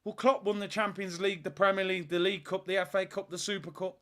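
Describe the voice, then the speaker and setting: A man hosts a live football watch-along, ranting with exasperation and biting sarcasm. His voice sits fairly high for a man. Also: fairly even intonation, fast talker, fairly bright tone.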